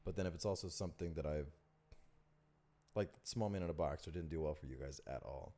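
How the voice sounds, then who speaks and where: A man chatting casually as a podcast guest, relaxed and jokey, now and then slipping into silly voices. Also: extremely low pitch, fairly quick. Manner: laid-back, drops into silly voices. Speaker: guest voice actor.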